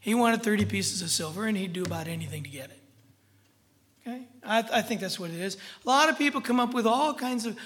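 A preacher with a bright, forceful voice teaches through scripture, talking to the listeners in an emphatic, conversational way. The sound carries a long reverb, as in a large hall. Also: mid-range voice, a little fast. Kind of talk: sermon, verse-by-verse Bible teaching.

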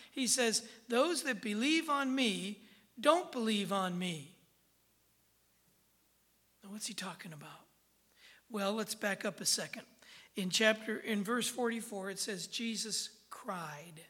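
A woman's voice: mid-range voice, takes it slowly, long pauses, a bit bright. A woman pastor preaching a sermon, emphatic and checking in with the congregation with frequent "okay" and "amen".

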